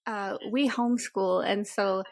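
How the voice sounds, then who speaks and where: A woman hosting a podcast, asking questions in a relaxed, casual interview. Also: mid-range voice, measured pace, dry recording. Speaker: podcast host.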